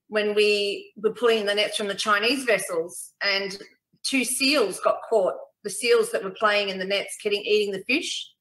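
A woman hosting a casual panel chat, halting and searching for words as she recalls time at sea. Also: mid-range voice, a bit bright, reverberant, rough recording.

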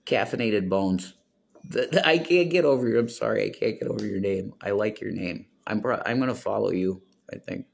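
A man's voice: on the low side, brisk, creaky. A man hosting a casual home livestream, reading chat comments aloud, rambling and swearing bluntly.

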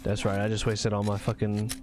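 A man's voice: fairly low pitch, completely flat delivery, fairly quick, noisy background. A man streaming a video game, commenting live in a profane, goofy way with silly voices. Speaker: gaming streamer.

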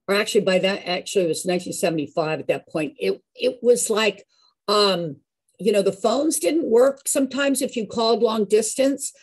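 A woman in her sixties telling a personal story in an animated, chatty way, with a husky voice. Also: medium pitch, rough recording. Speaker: show regular.

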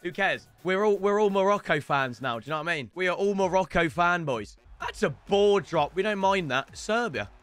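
Chatty bright-voiced young man streaming. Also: sits high, animated, moderate pace, hardly any pauses, clear, resonant tone, soft background music. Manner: chatty and playful, keeps addressing viewers as lads and boys. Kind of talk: gaming livestream commentary.

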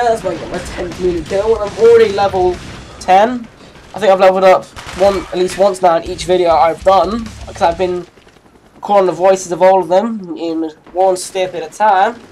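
A late-teen gaming channel host with an English accent rambles chattily over gameplay, tossing in giggly asides. His voice is medium-pitched with a darkish tone, and there's a little hiss or hum on the recording.

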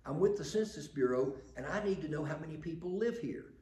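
A man's voice: on the high side, animated, brisk, warm tone, roomy sound, a little hiss or hum, lightly acted. A preacher playing a brusque, impatient male census taker in a sermon story.

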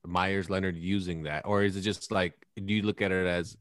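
A man's voice: sits low, little pitch movement, normal speed, fairly bright tone, dry recording, studio quality. A man in his thirties hosting a podcast, talking in a blunt, rambling, profane way. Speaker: podcast host. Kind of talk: casual podcast chat.

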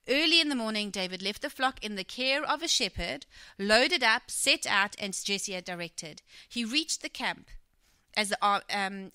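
Bright, dry-voiced woman preaching a sermon. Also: medium pitch, smooth, no echo. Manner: animated storytelling, acting out quoted speech.

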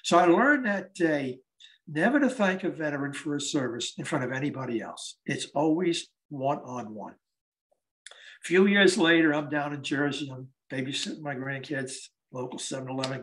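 A man's voice: mid-range voice, fairly bright tone, poor audio. A man in his eighties, a guest speaker at a library event, telling stories conversationally and acting out the dialogue. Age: 80s. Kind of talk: storytelling talk.

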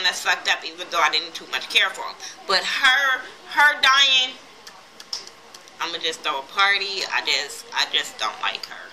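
A woman recapping a TV episode in a casual, profane, animated way, acting out the characters' lines as she retells them. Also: medium pitch, slight background noise, rough recording. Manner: blunt, profane, animated retelling with quoted voices. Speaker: TV episode reviewer.

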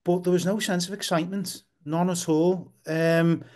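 A man, a football writer, talks as a podcast guest in a slightly high voice. He explains at length, restarting and correcting himself as he goes. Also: steady tone, moderate pace, darkish tone. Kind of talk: casual podcast interview.

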